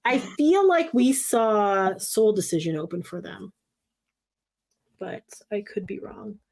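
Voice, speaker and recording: A woman's voice: medium pitch, lively intonation, slow, creaky, darkish tone. Chatty woman rambling through a recap. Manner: rambling, filler-heavy recap. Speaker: podcast co-host. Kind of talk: casual chat.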